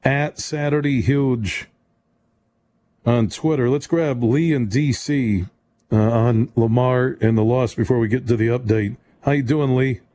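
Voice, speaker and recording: Male sports radio host, mellow voice, fast-talking, opinionated. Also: medium pitch, slight background noise. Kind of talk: late-night sports call-in show. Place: radio studio.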